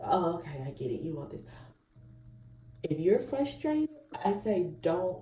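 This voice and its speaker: Young mom vlogger, low-set dark mellow voice, outspoken and emphatic, recorded off-mic in an echoey room. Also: female voice, distant mic, a little hiss or hum. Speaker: mom vlogger giving advice. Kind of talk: candid casual monologue. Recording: roomy echo, voice off-mic.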